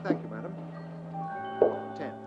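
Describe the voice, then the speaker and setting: An actor playing an auctioneer, calling bids in a measured, formal, steady manner. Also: male voice, lightly acted. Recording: dull 1970s TV sound with music.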